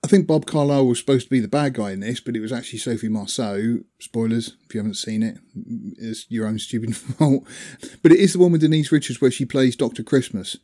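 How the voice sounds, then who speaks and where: Chatting casually about films he has seen, a film reviewer rambles with fillers and small laughs. His voice is mid-range and warm, and he talks a little fast.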